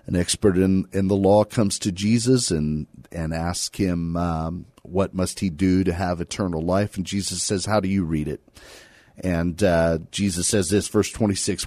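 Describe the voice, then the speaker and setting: A man's voice: sits low, warm tone, dry recording, clean studio sound. A man leading a Bible study, reading scripture aloud with emphatic quotes and then explaining it plainly.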